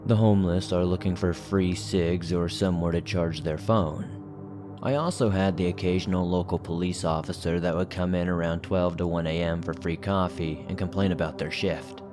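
A man with a very low voice reads a horror story aloud as the show's narrator. His delivery is steady and measured, and soft music plays faintly under his words.

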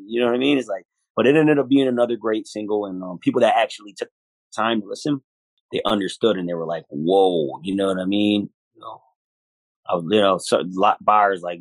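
A lower-voiced man from Buffalo talks about his music as an interview guest. He is animated and profane, keeps saying "you know what I mean," and acts out other people's voices. The sound is dry and close. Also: fast, no echo, poor audio. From United States, Buffalo, New York. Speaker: hip hop artist, guest. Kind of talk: casual interview talk.

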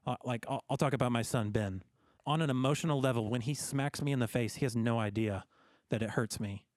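A man's voice: mid-range voice, brisk, a little mellow, no echo, studio quality. A man hosting a podcast in casual chat, joking and often repeating words as he starts sentences. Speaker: podcast host.

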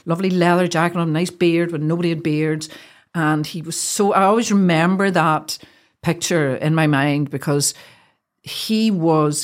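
A woman with a Northern Irish accent, a guest recounting a personal story in an earnest, heartfelt way, often restarting her sentences. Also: sits low.

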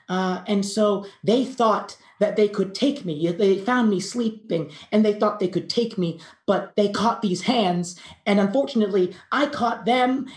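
A woman voicing a gentle, polite female bush baby spirit in a tabletop role-play, talking in a hesitant, apologetic way. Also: medium pitch, natural voice. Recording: roomy echo.

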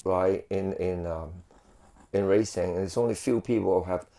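Gravelly man rambling through a story. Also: low voice, fairly even intonation, moderate pace, warm tone. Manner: rambling storyteller, many fillers and restarts. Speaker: guest telling a story. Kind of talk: casual chat.

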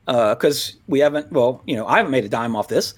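A man's voice: mid-range voice, lively intonation, fairly quick. A man co-hosting a podcast, chatting casually and going off on tangents, laughing often and restarting his sentences. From Louisiana, US. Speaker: podcast co-host. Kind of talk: casual rambling podcast chat.

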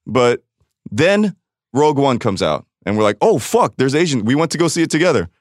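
A man's voice: medium pitch, sing-song, fairly quick, no room sound, clean studio sound. A man from Los Angeles, a podcast guest telling a personal story in blunt, profane casual chat, acting out what others said to him. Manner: blunt, profane storyteller who acts out quotes.

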